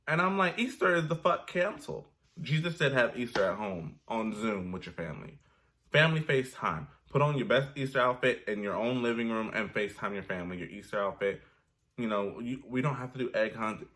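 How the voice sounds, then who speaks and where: Young guy, sassy comedic rant, mid voice. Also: mid-range voice. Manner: animated, profane, sassy. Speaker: vlogger.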